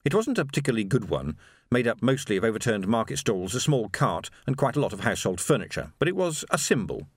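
An expressive male narrator reads the novel with animated, lively intonation. His voice sits at an ordinary pitch and sounds dry and close to the mic. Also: quick pace, slightly rough, no room sound. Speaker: audiobook narrator. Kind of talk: scripted narration.

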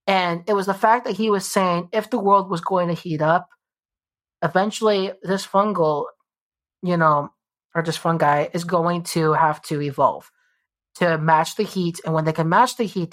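A woman's voice: lowish voice, normal speed. A woman co-hosting a podcast in casual chat, rambling with many fillers. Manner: rambling, heavy use of "like" fillers. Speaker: podcast co-host.

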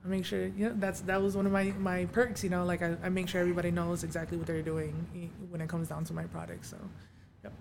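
A woman guest chatting casually about making her products, laughing often and telling animated stories. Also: lowish voice, fast, creaky, background noise. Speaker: guest, cannabis product maker. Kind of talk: casual chat.

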